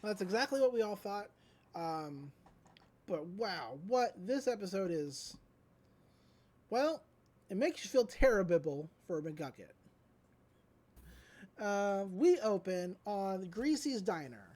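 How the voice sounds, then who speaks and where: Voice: medium pitch, sing-song, slow pace, pauses often, a little mellow. A podcast host giving a casual, rambling recap of a cartoon episode, with lots of likes and ums.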